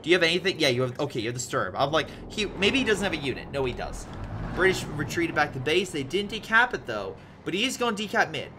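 A man giving chatty, animated play-by-play commentary on a strategy game replay, with lively asides to his viewers. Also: a little high, fast talker, noisy background. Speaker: video game replay caster.

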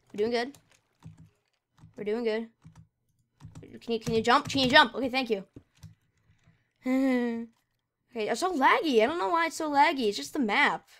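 Her voice is on the high side and a bit bright as she chats casually over a video game. She rambles, talks to herself, and gets frustrated quickly when the lag hits.

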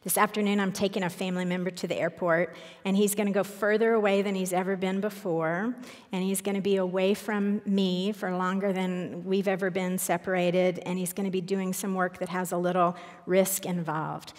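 A woman's voice: lowish voice, little pitch movement, moderate pace, darkish tone, in a large hall. A woman giving an earnest, personal Bible teaching, reading scripture aloud in a church.

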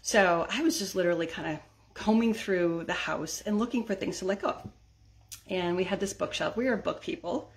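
A woman's voice: lowish voice, moderate pace. A middle-aged woman vlogging in a casual chat, often checking in with her viewers and laughing between lines. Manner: chatty, keeps checking in with "right?" and "okay?". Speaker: decluttering vlogger.

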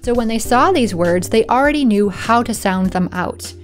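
A woman's voice: fairly high pitch, animated, moderate pace. Patient woman explaining over faint music. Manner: patient, clear explaining with frequent "right?" check-ins. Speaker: educational video host. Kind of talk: scripted educational explainer.

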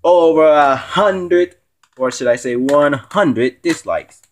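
A man hosting a casual vlog as a stand-in, rambling and teasing as he rants to his viewers. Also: slow. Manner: rambling and teasing, with swooping pitch. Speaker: stand-in show host.

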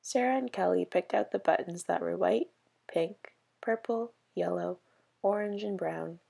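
A woman's voice: lowish voice, a little slow, gravelly, warm tone. A woman early years educator reading a picture book aloud for children.

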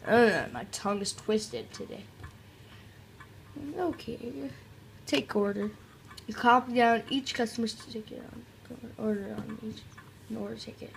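A woman's voice: on the high side, measured pace, creaky, a little hiss or hum. A woman doing casual let's-play commentary, joking around and reading on-screen tutorial text aloud. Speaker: gameplay commentator.

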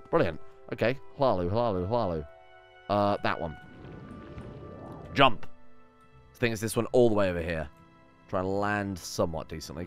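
A man giving casual, chatty commentary while playing a video game, thinking aloud and swearing freely. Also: fairly low pitch. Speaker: let's play host.

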